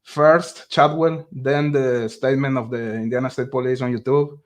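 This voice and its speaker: A man hosting a casual podcast chat and reading out viewer messages, speaking haltingly with many fillers. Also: medium pitch, fairly even intonation.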